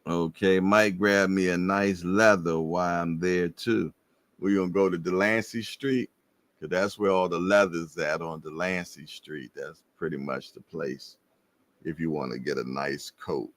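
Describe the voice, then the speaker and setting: A man hosting a casual boxing livestream, slangy and animated, laughing and repeating himself as he reads viewer comments. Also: low voice, measured pace, no room sound. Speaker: livestream host.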